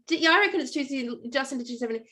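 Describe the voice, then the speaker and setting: Animated Australian woman telling a rambling story. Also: high voice, racing. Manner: animated, rambling, many fillers and restarts. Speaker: podcast co-host. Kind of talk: casual storytelling chat.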